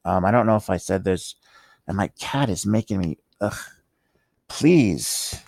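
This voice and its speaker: A man with a very low voice and slurred speech talks through an emotional personal story. He stumbles and restarts often, pausing mid-sentence. The recording is dry and close, with no room echo. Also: lively intonation, vocal fry, darkish tone. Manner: halting, rambling, with many restarts and pauses. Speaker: vlogger telling his life story.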